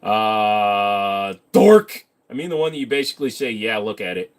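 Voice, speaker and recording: A man's voice: medium pitch, lively intonation, rapid-fire. A man hosting a casual livestream, reading out chat questions and answering them with loose, self-mocking jokes and detailed know-how. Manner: knowledgeable about handguns, explains in detail.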